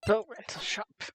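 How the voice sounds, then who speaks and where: A woman voicing an earnest young male defense lawyer in a fan voice-acting of a game, talking slowly and thoughtfully. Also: a little high, fairly bright tone, heavily acted.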